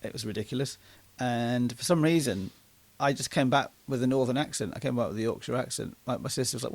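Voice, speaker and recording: A man's voice: medium pitch, fast, gravelly, few pauses. A man in his late forties co-hosting a casual podcast, chatty and self-mocking as he tells stories. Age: 40s. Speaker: podcast co-host.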